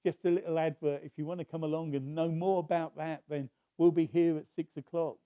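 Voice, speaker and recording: A man's voice: fairly high pitch, little pitch movement, a little fast, clean tone, no echo, phone-quality sound. A man preaching a sermon, telling a story in a conversational way with restarts.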